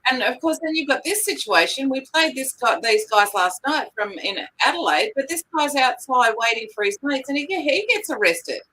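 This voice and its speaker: A woman's voice: high-pitched, big pitch swings, normal speed, hardly any pauses, bright, forceful tone, slight background noise, poor audio. A woman co-hosting a live news stream, talking casually in loose, rambling sentences with lots of fillers.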